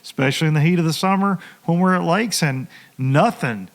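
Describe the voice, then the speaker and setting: A man's voice: on the high side, fairly quick. Laughing Tennessee man, podcast host. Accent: Tennessee Southern. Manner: laughing, animated storyteller. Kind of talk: casual podcast chat.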